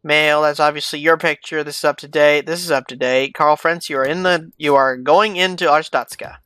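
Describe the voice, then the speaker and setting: A man's voice: on the high side, fairly even intonation, fairly quick, bright, forceful tone, clean tone. A man giving casual let's-play commentary, reading documents aloud and muttering asides to himself. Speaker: gaming YouTuber.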